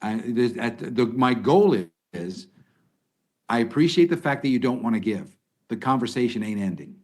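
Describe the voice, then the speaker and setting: A man's voice: medium pitch, normal speed. A middle-aged man talking as an expert guest, giving conversational advice and acting out example lines as he goes. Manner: animated, restarts sentences, acts out example lines. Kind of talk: conversational advice in a podcast interview.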